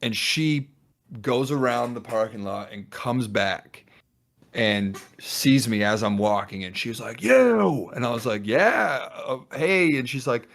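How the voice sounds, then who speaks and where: A man's voice: fairly low pitch, unhurried. A young man on a podcast, telling a rambling story in casual chat with friends and acting out the voices in it. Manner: rambling, animated, acts out quoted voices. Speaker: podcast co-host.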